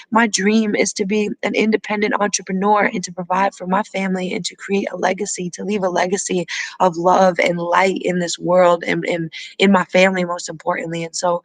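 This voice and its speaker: A man's voice: high voice, fairly bright tone, no echo, rough recording. A man who teaches yoga and meditation, giving an effusive, emotional, motivational sign-off on a live stream and repeating his thanks over and over.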